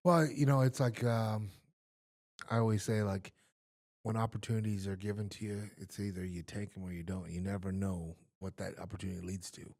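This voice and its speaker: A man's voice: lowish voice, fairly even intonation, fairly quick, gravelly. A man, a host and former boxer, chatting casually with frequent affirmations and fillers. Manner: warm affirming, frequent "yeah" and "you know". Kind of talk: casual interview chat.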